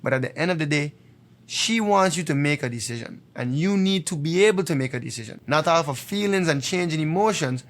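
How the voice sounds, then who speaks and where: A man's voice: on the high side, lively intonation, a little fast. A man giving dating advice straight to camera, emphatic and repetitive, slipping into voices when he retells a joke. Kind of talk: direct-to-camera advice monologue.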